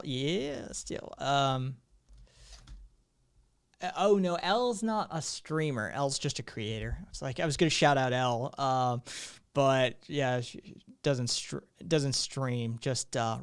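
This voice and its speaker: A man's voice: medium pitch, gravelly, clear, resonant tone. A man hosting a live stream, talking in a rambling way with lots of fillers and restarts. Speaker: streamer host.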